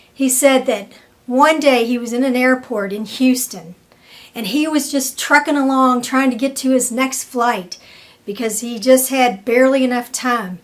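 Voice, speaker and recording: A woman presenting a weekly wellness tip, telling a story and acting out the people in it. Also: high voice. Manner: slow, storytelling, acts out quoted people.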